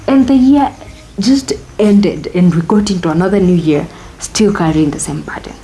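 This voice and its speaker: Kenyan woman with a low, mellow voice. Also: moderate pace, a little hiss or hum. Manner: candid, reflective, switches into Swahili phrases mid-sentence. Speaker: interview guest. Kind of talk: personal storytelling in an interview.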